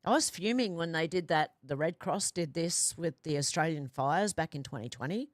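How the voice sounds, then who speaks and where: A woman's voice: sits low, lively intonation, normal speed, no room sound, clean studio sound. A woman hosting a casual livestream, reading viewer comments aloud and adding chatty asides with fillers. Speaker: livestream host.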